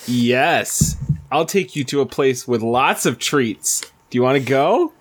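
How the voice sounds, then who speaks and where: A man's voice: medium pitch, expressive, unhurried. A man playing a tabletop game, joking and laughing in casual banter. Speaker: player.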